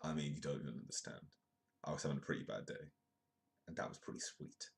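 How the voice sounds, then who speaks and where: A man from the UK hosting a casual live comedy news stream, his voice hoarse, rambling with ums and restarts between jokey asides. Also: very deep voice, fast. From United Kingdom. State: hoarse, voice sounds bad.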